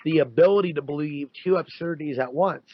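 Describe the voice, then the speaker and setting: Man, podcast co-host, slightly high voice, animated, mimics other voices, dull dry audio. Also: fast talker, dry recording. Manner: animated, breaks into mocking quoted voices. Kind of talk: casual podcast chat.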